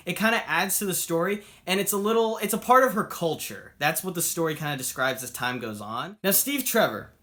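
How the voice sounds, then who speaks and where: In a fairly high-pitched voice with a bright, forceful tone, a man chats cheerfully through a comic book review. He retells the plot and performs the characters' dialogue himself, keeping it casual.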